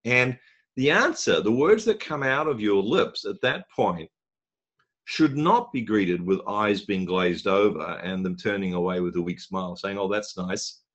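A man presenting a marketing webinar, telling a story and acting out the dialogue, often clearing his throat. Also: on the low side, expressive, unhurried, a bit bright, highs cut off.

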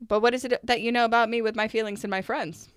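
A woman's voice: a little high, quick pace, clean tone, dry recording. Earnest woman podcast host, dry close mic. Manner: earnest and animated, with frequent "like" fillers. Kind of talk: casual conversation.

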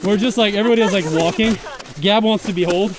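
Playful family dad. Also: male voice, sits high, fast. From Québec, Canada. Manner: playful, teasing, laughs often. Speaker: family vlogger. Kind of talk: casual family vlog chat. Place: snowy forest trail outdoors.

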